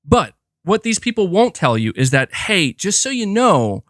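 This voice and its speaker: A man's voice: high voice, sing-song, measured pace, a bit bright, no echo, clean studio sound. A young man ranting profanely and with exasperation while commenting on gaming news on a livestream, often repeating himself.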